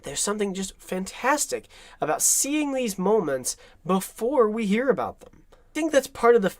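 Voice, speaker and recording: An enthusiastic film commentator chats over movie clips, with a voice that swoops up and down in pitch. The delivery is loose and talkative, broken up by frequent laughter. The recording is close and dry, with no room sound. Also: dry recording. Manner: enthusiastic, chatty, laughs often.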